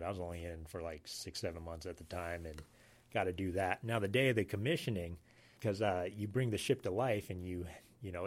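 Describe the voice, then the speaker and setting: Man, deep low voice, from Alaska, navy sailor, casual storytelling, rambling with fillers. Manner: rambling, halting, many fillers. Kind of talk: casual spoken anecdote.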